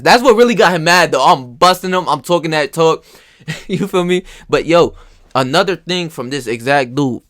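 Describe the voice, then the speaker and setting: A young man telling casual stories in a slangy, profane, animated way. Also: fairly high pitch, no room sound, clean studio sound. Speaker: host. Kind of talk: casual storytelling monologue.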